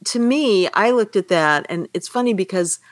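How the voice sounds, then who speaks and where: A woman's voice: mid-range voice, animated, normal speed, no room sound. A woman hosting a podcast, chatting casually and with amusement about a novel and reading passages aloud. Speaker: podcast host. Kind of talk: casual book discussion.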